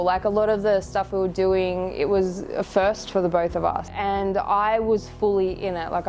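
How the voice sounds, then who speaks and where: A woman's voice: mid-range voice, darkish tone, slight background noise. A young woman, telling her own life story in a candid, reflective, confessional way, with casual swearing. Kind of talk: personal storytelling.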